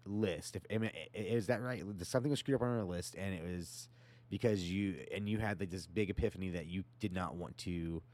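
Hesitant low-voiced American man. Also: fairly quick, a little mellow. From United States. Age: 40s. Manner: hesitant, musing, repeats words. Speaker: podcast co-host. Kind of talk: casual chat.

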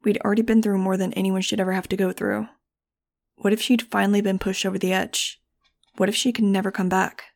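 A woman narrating a first-person audiobook in a measured, grave storytelling manner. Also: mid-range voice, little pitch movement, gravelly. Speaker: audiobook reader.

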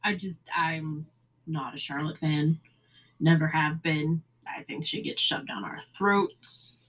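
A woman's voice: sits low, slow pace, a bit bright, rough recording. A woman co-hosting a casual wrestling podcast, wry and given to sarcastic asides. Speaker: podcast co-host.

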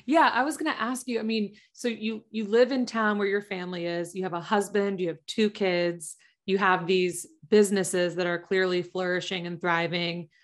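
A woman's voice: medium pitch, steady tone, moderate pace, hardly any pauses. Southern US woman, podcast host, conversational and giggly. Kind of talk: casual interview chat.

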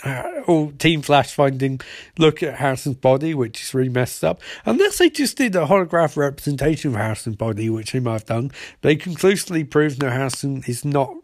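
A man's voice: mid-range voice, lively intonation, brisk, a little mellow, no echo, studio quality. A man recapping and reviewing a TV episode in a casual, rambling way, sarcastic and full of swearing. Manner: sarcastic and profane, loose rambling delivery.

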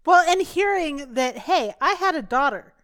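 High-voiced woman, wry and blunt. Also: lively intonation, moderate pace, fairly bright tone. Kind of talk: casual chat.

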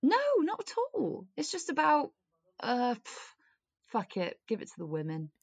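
A young woman chatting casually and telling animated stories, swearing freely. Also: a little high, unhurried, vocal fry, dry recording. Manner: animated storyteller, swears freely, acts out friends' voices. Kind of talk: casual chat.

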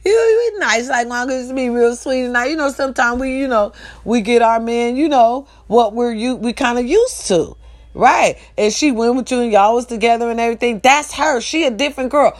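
Woman going off in a funny rant, cussing and scolding, voice a bit high, jumps all over. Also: fairly quick. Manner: animated, profane, scolding. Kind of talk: comedic rant.

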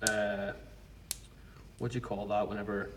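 A man's voice: on the low side, little pitch movement, moderate pace, distant mic, a loud crowd, rough recording. A man co-hosting a podcast in casual chat, blunt and sweary as he rambles through stories. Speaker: podcast co-host.

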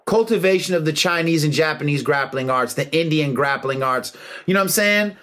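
A man delivering a heated, emphatic monologue with a slightly high voice. He lectures in a preachy, slangy way, pressing his points hard and slipping into mocking asides. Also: brisk, fairly bright tone. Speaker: martial arts commentator. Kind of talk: impassioned monologue.

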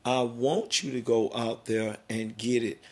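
A man's voice: mid-range voice, fairly even intonation, measured pace. A middle-aged man hosting a podcast interview, talking in an emphatic, preachy, rambling way about worth and family. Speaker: podcast host.

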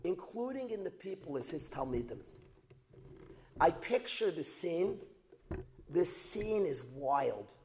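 A man teaching a religious lesson as a dramatic story, repeating phrases for emphasis and building to loud outbursts. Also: on the high side, very animated, slow pace, long pauses, slight background noise. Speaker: Torah teacher. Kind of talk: storytelling lecture.

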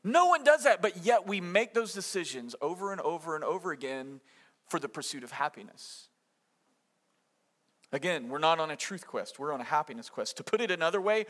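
A man delivers a sermon with a high, bright voice that stays lively and direct. He speaks in a conversational way, leans hard on his points and keeps asking the room rhetorical questions. Now and then he acts out what people say. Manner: conversational and emphatic, with rhetorical questions and acted-out quotes. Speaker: pastor.

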